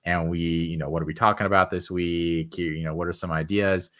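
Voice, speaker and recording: A man's voice: low voice, steady tone, brisk, a bit bright. A man co-hosting a sports podcast, talking casually and giving advice, with lots of fillers. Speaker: podcast co-host. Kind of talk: casual chat.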